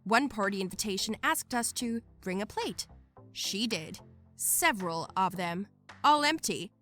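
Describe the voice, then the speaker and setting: A woman narrating Reddit posts as a lively scripted storytelling read. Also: mid-range voice, measured pace, soft background music.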